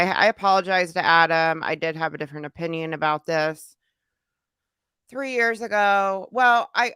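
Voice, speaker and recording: Bright, gravelly streamer woman. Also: deep voice, no echo, clean studio sound. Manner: chatty, reads chat comments aloud. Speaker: reaction streamer. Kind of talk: casual live reaction chat.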